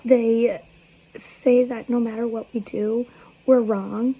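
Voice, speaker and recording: A woman in her twenties talking to camera in a personal video, speaking softly with a halting, near-whispered delivery. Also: fairly high pitch, little pitch movement, slightly rough, poor audio. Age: 20s. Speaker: vlogger seeking advice.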